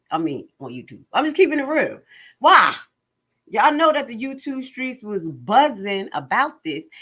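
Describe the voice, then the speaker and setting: Animated, sassy woman commentator. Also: mid-range voice. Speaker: online commentator. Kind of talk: casual livestream commentary.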